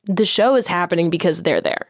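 Young adult woman comedian, lower voice, dry close sound, lively rambling storyteller. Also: fairly quick, no room sound. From Philadelphia. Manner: animated storyteller, many "like" fillers. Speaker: podcast guest, comedian. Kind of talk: casual podcast chat.

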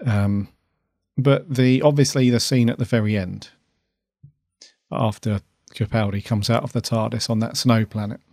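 Gravelly man, dry close sound. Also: medium pitch, steady tone, moderate pace, darkish tone, no room sound. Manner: earnest, emotional, rambling. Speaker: podcast co-host. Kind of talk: casual review chat.

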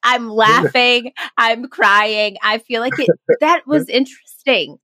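A woman's voice: fairly high pitch, takes it slowly, pushed and bright, no room sound. Enthusiastic woman podcast host. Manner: enthusiastic, effusive. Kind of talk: podcast interview.

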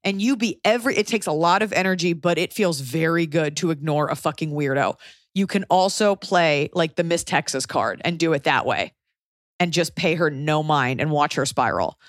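A woman's voice: no room sound, clean studio sound. A woman hosting an advice podcast, blunt and sarcastic, acting out quoted people in a casual chat. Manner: blunt, sarcastic, acts out quoted people with big pitch jumps. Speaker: podcast host giving advice.

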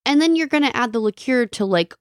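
A woman's voice: fairly high pitch, expressive, fast talker, no room sound, clean studio sound. A woman co-hosting a casual podcast, wisecracking and swearing casually. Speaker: podcast co-host. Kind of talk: casual chat.

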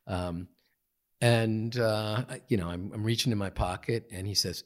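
A man guest on a podcast, telling a personal story in an earnest, halting way with many fillers and restarts. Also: lowish voice. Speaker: guest, meditation teacher. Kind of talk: reflective storytelling. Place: podcast studio.

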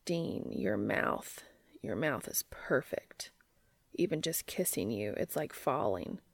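A woman's voice: fairly low pitch, sing-song, measured pace, no echo, heavily acted. Cass, a woman voicing a shy whispering man. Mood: tender. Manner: soft, breathy whispers. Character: shy earnest adult man, lover. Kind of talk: amateur audiobook reading.

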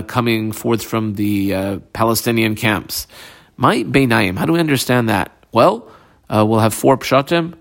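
A man's voice: medium pitch, fairly bright tone. A man teaching a Talmud lesson. He reads phrases aloud, then explains them in loose, conversational English with frequent "uh" and "um.". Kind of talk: casual Talmud study lesson.

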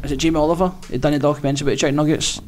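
A man's voice: fairly high pitch, steady tone, a little mellow. A Scottish man, a comedian, chatting in a sweary, laughing way as a podcast guest. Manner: sweary, laughing, quick banter. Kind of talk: casual podcast chat.

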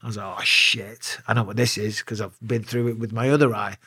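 A man's voice: lowish voice, fairly quick, husky, no echo, studio quality. A man, a retired fighter, telling a wild story as a guest in a casual interview, swearing freely. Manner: profane, animated storyteller.

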